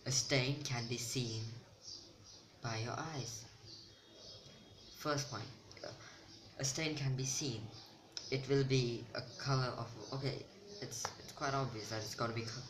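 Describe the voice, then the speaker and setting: A teenage boy vlogs to camera in a noisy home recording, rambling and mocking himself as he keeps losing his train of thought. He speaks with a medium-pitched male voice, steady in tone and moderate in pace.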